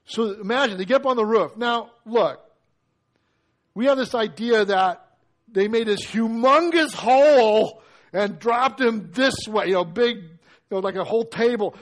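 Male preacher, high voice, animated storyteller acting out quotes, casual sermon delivery. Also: unhurried.

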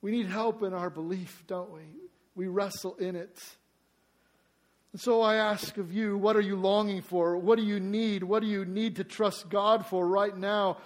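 A man preaching a sermon in a high, bright-sounding register. He is emphatic, and he leans on rhetorical questions to the congregation. He acts out quoted cries with sudden loud bursts. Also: fairly even intonation, measured pace. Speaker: pastor.

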